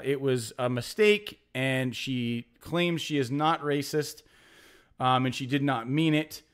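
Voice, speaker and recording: A man's voice: medium pitch, fairly bright tone, clear, resonant tone. A young adult man hosting a podcast, telling a rambling story in casual banter with lots of fillers and restarts. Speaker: podcast host.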